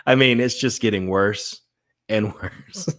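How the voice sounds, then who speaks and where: A man's voice: fairly low pitch, takes it slowly, fairly bright tone. A man co-hosting a podcast in casual chat, teasing his partner and giving earnest little speeches. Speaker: podcast co-host.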